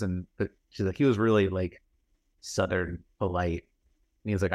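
A man's voice: low voice, steady tone, normal speed, long pauses, a little mellow, no room sound. A man co-hosting a podcast, telling stories in a laid-back way, full of "like.". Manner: laid-back storyteller, hedges with "like". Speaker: podcast co-host. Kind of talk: casual chat.

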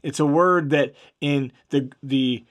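A man giving an explanatory Bible lesson in a conversational, steady way, with frequent fillers and restarts and stress on key words. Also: a little high, slow pace. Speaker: Bible teacher.

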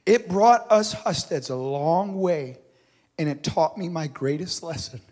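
Male preacher, storytelling sermon; slightly high voice, dramatic swells and soft drops. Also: animated, measured pace. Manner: dramatic readings with swelling and dropping loudness.

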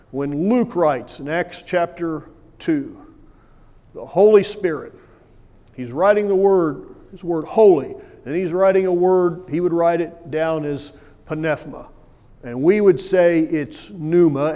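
A male pastor preaching a sermon, with emphatic delivery that swings from loud declarations to hushed asides. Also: fairly high pitch. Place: church sanctuary. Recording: long church hall reverb.

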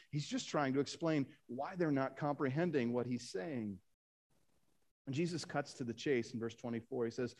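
Guy preaching a sermon, kinda high voice, reads verses out and asks questions back at the room. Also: darkish tone. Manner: reads scripture aloud, rising for emphasis; asks the congregation rhetorical questions. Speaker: pastor.

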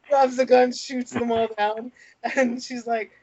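A woman's voice: a little high, steady tone, unhurried, a little mellow. A woman co-hosting a casual chat, laughing often and restarting her sentences. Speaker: podcast co-host. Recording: dull lo-fi sound.

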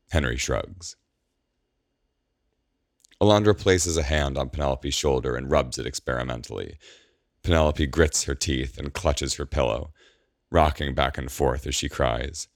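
A man narrating a story in a measured, even audiobook style. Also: very deep voice, no echo, studio quality.

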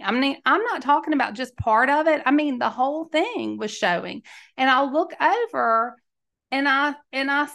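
Woman, forties, gravelly voice, slightly high, chatty podcast host. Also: fairly bright tone. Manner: chatty, emphatic, laughs mid-sentence. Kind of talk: candid storytelling monologue.

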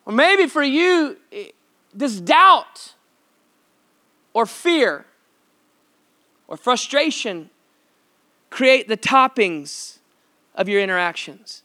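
Pastor, male, thirties, high voice, dry close mic, playful storyteller. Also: moderate pace, pauses often, no echo. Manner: animated storyteller, joking with the congregation. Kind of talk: sermon with humorous stories. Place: church stage before a congregation.

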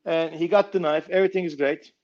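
Guy telling a story, swears a lot, slightly high voice, kinda muffled lo-fi audio. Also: steady tone, fast talker, a little mellow. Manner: blunt and profane, swears freely. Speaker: knife maker. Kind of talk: casual storytelling to camera.

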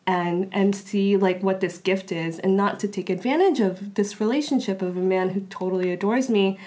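A woman's voice: medium pitch, fairly even intonation, normal speed, dark tone. A woman guest in an interview, telling a personal story casually, with frequent filler words and restarts. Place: Los Angeles area.

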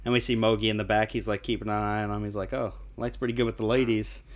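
A man casually chatting on a podcast, calmly summarizing plot points with plenty of uhs and likes. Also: on the low side, fast talker. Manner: relaxed, plot-summarizing with lots of fillers. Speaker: podcast co-host. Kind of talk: casual chat recapping an anime.

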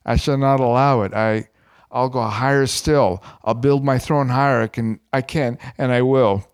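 A man's voice: mid-range voice, steady tone, moderate pace, clean tone, dry recording, clean studio sound, close to an everyday voice. A man voicing a pompous, boastful male turtle king as he reads a storybook aloud, bellowing and self-important. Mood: indignant.

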